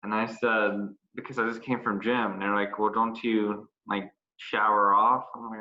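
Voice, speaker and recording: A man's voice: fairly low pitch, fairly even intonation, a little slow, pushed and bright. A young man telling embarrassing stories in a candid, rambling, self-mocking way during a casual chat. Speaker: co-host. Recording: lo-fi, echoey room.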